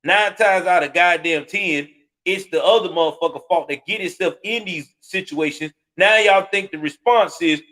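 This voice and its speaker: Host, male, high-pitched, profane and scornful ranting with sudden loud spikes. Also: moderate pace. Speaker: commentary show host. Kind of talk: heated live reaction commentary.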